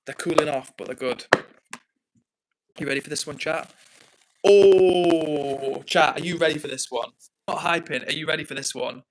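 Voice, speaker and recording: An English man hosting a livestream from home, chatting casually and reading out comments in an excitable, quick way. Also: fairly high pitch, slight background noise, poor audio. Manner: excitable, fast-talking. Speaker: livestream host.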